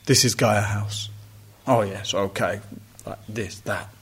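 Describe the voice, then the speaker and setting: Husky-voiced man giving a dharma talk. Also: fairly low pitch, fairly even intonation, slow pace, a bit bright. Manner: reflective, conversational, wry asides. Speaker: meditation teacher. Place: retreat center hall.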